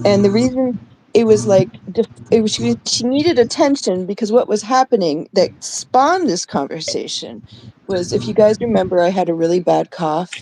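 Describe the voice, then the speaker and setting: A woman's voice: on the low side, vocal fry, mellow, a little hiss or hum, low-quality recording. A young adult woman from Canada, co-hosting a podcast, telling a story in casual chat, acting out the voices she quotes and swearing freely. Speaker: podcast co-host.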